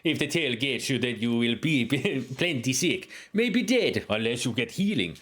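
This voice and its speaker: A man's voice: medium pitch, big pitch swings, measured pace, a bit bright. A man voicing a proud spear-fighting warrior woman in broken English with a wandering put-on accent. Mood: warning. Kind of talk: reading game dialogue aloud in character.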